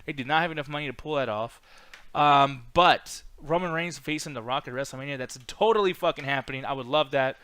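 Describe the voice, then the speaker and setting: A man's voice: on the high side, fairly quick, pushed and bright, clean tone, dry recording. A man in his thirties hosting a live-stream chat, talking loosely and profanely with lots of fillers. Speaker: podcast host.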